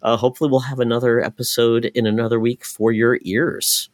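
A man hosting a gaming podcast, chatting in an animated, opinionated way with quick asides. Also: medium pitch, no echo, studio quality. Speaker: podcast host. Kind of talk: casual chat.

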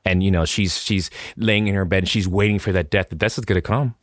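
A man's voice: deep voice, steady tone, quick pace, no room sound, clean studio sound. A man hosting a casual interview, talking in an earnest, emphatic way. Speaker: host.

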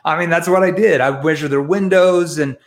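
A man as an interview guest, telling lively, self-mocking sales stories with frequent restarts. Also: a little high, a little fast. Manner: animated, self-mocking anecdotes with many restarts. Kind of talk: storytelling in a casual interview.

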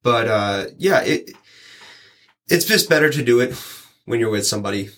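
Man in casual chat, animated storyteller voicing customers' lines. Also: medium pitch, moderate pace. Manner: rambling, animated, acts out quoted lines. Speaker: delivery driver sharing stories.

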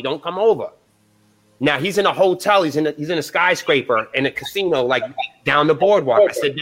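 Profane high-voiced man telling stories. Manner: profane, animated storyteller acting out dialogue. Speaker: band member guest. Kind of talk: casual storytelling. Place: live podcast interview.

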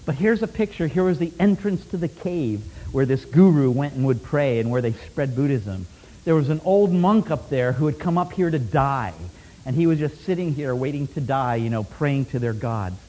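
A man preaching a sermon as a lively story, laughing often and swinging from loud bursts to hushed asides. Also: medium pitch, moderate pace. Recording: long hall reverb.

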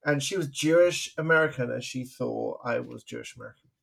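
A man's voice: medium pitch, a little fast, gravelly, fairly bright tone. A man, co-hosting a podcast, telling stories in a chatty way and laughing often. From England. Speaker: podcast co-host. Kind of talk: casual podcast chat.

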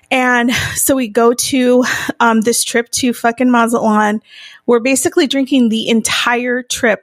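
A woman's voice: on the high side, no room sound, studio quality. Swearing, laughing woman telling a story. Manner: swears freely, laughs often, acts out quoted voices. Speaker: podcast co-host. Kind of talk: casual storytelling chat.

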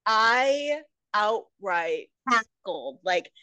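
A woman co-hosting a casual book podcast, retelling scenes with lively quoted voices and laughter. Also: medium pitch, very slow, dry recording. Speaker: podcast co-host.

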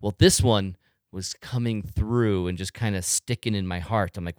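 Male podcast host, animated storyteller, smooth clear voice, dry close mic. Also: fairly low pitch, normal speed, no room sound. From United States. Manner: animated storytelling, laughs often. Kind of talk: casual interview chat.

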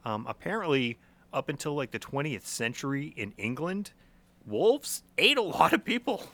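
A man's voice: fairly high pitch, very animated, normal speed, fairly bright tone. A young man co-hosting a podcast in casual chat, joking, laughing often and stumbling over repeated words. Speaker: podcast co-host.

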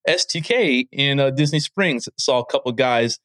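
A man's voice: medium pitch, expressive, normal speed, a bit bright, no echo. A man hosting a podcast, talking in casual, profane, rambling chat and laughing often. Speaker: podcast host.

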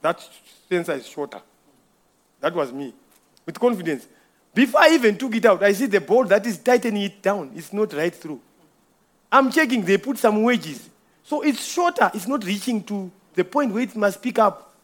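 A man's voice: sits high, lively intonation, moderate pace. A man giving an informal church testimony, telling a rambling story with frequent chuckles.

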